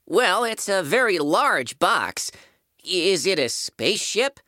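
A level-headed cartoon tomato, as a voice actor plays him, patient but a little fussy, hosting a kids' podcast. His voice sits mid-range yet moves a lot in pitch, with music playing behind. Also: big pitch swings, slow pace, bright, forceful tone, dry recording, clean studio sound, heavily acted. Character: sensible male tomato, patient and slightly fussy. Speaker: co-host.

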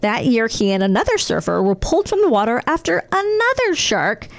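A woman's voice: on the high side, big pitch swings, fairly quick, creaky. A woman co-hosting a casual chat, reading news aloud with joking asides and frequent laughter. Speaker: podcast co-host.

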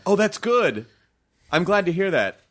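A man's voice: sits high, sing-song, measured pace, a bit bright. Playful male podcast host. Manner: playful, teasing questions. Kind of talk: casual chat.

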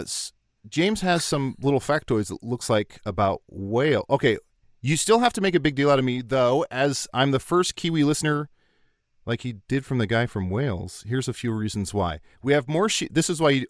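A man's voice: medium pitch, brisk, no room sound, studio quality. A man hosting a casual comedy podcast, reading a listener's email aloud and joking about it. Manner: animated, reads listener email aloud with jokey asides. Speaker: podcast host.

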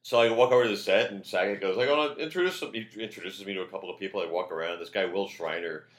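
A man on a podcast, telling long anecdotes in a rambling, animated way and acting out quotes in a loud voice. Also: low voice, quick pace. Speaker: podcast guest. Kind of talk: casual anecdotal storytelling. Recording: roomy echo.

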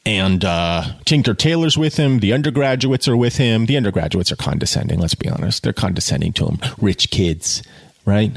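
Lively man reading and riffing passionately. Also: lowish voice, a little fast, vocal fry, slightly rough. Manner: passionate, profane, addresses the listener. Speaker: reader and commentator. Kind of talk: audiobook reading mixed with casual commentary.

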